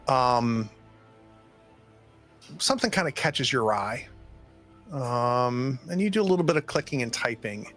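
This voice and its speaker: Hesitant game master, lively pitch. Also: male voice. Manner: hesitant, full of ums and restarts. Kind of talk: narrating a tabletop game.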